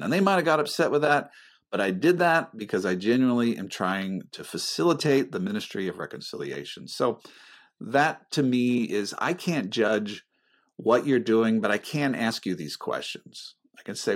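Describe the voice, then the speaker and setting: A middle-aged man talking earnestly about faith and relationships, with a pastoral manner, often dropping into a soft, low voice. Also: sing-song, normal speed. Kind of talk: reflective faith conversation.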